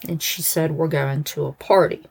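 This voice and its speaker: Low-voiced woman telling a crime story. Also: fairly even intonation, moderate pace, creaky, darkish tone, slightly rough. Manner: conversational, lots of "like" and "so he goes". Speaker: true crime podcast host. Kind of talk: casual storytelling narration.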